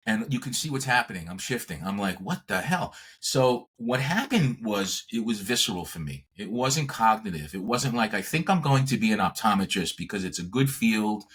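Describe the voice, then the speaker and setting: A middle-aged man from Brooklyn, a chiropractor guest telling his story in an interview in an animated, emphatic way, repeating words for stress. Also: lowish voice, normal speed, hardly any pauses, husky. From Brooklyn, New York.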